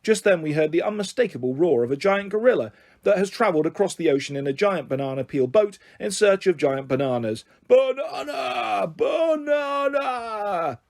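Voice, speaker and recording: A man reads a children's story aloud. His voice is high and animated, with wide swings. He is expressive throughout. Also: fast, no room sound, clean studio sound.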